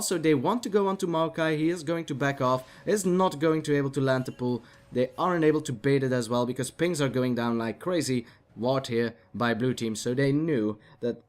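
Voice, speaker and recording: A man calling a video game match by himself, chatty and lively, now and then talking straight to the players on screen. His voice is a little dry and rough from talking. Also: medium pitch. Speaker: game commentator. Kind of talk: solo esports commentary.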